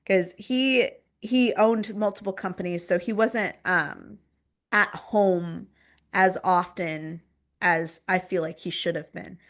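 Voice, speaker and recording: A woman's voice: on the low side, takes it slowly, a bit bright. A woman guest on a podcast telling her personal story in conversation, rambling with many fillers and repeating phrases for emphasis. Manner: rambling, filler-heavy speech with frequent "like" and "um".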